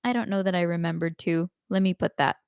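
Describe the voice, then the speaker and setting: A woman teaching a live online singing lesson, explaining slowly and singing short examples. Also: on the low side, gravelly, a little mellow, clean tone, no echo, clean studio sound.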